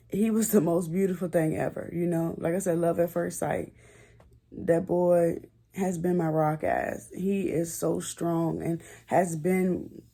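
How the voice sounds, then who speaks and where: A young woman speaks to her viewers in a casual storytime vlog. Her voice sits low, with a gravelly, dark, mellow tone. She talks in a chatty, earnest way, calling her audience y'all. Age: young adult. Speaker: vlogger.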